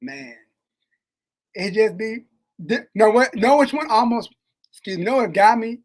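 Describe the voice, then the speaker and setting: A man co-hosting a podcast in casual chat, animated and slangy, swinging between loud and soft. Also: extremely high pitch, measured pace, creaky. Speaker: podcast co-host. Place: Texas.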